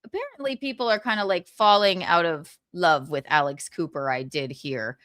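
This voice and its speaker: A woman's voice: fairly low pitch, moderate pace, a bit bright, no echo, studio quality. A young woman hosting a livestream, chatting casually, reading viewer comments and laughing often. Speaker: livestream host.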